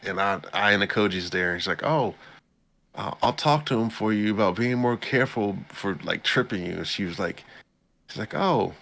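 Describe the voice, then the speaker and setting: A podcast co-host recaps an anime's plot in loose, casual chat, his deep, gravelly voice carrying a bright, forceful edge. Animated throughout, he keeps breaking into quick impressions, acting out characters' lines in a higher voice.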